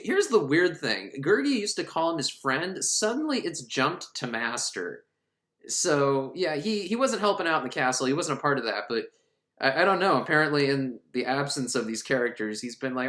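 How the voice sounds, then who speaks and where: A man giving a casual, irreverent recap of an animated film, rambling and laughing as he goes. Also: a little high, normal speed. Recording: roomy echo.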